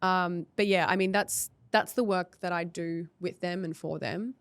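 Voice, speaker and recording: Aussie woman on a podcast, lively storyteller, lowish voice, dry close mic. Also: moderate pace, no echo. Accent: Australian. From Australia. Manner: animated storyteller, acts out quotes. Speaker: podcast guest. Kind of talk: casual chat.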